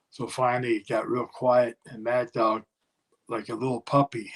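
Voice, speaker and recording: An older man, a former pro wrestler, telling a road story in a casual interview and acting out other people's yelling. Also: medium pitch, steady tone, normal speed. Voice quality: gravelly, husky.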